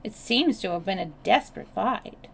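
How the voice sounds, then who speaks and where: A woman voicing an excitable, blunt young Englishwoman who talks briskly. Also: mid-range voice, gravelly, a little hiss or hum. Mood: excited.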